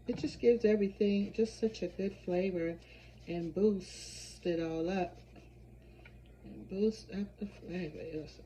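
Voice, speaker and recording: A woman's voice: medium pitch, mellow. A woman chatting casually to her viewers while she cooks in her home kitchen, humming and exclaiming as she works. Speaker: home cook vlogger. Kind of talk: casual cooking vlog chat. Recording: dull lo-fi sound with clear background noise.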